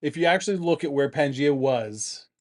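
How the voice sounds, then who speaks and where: A man with a fairly high voice co-hosts a relaxed chat. He laughs often and mockingly paraphrases a radio guest's claims. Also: moderate pace. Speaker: co-host. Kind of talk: casual chat.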